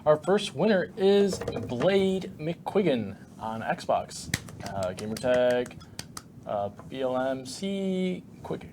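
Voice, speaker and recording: A man co-hosting a game stream, relaxed and a little hesitant, reading out winners. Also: mid-range voice, slow, noisy background. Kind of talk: casual stream chat.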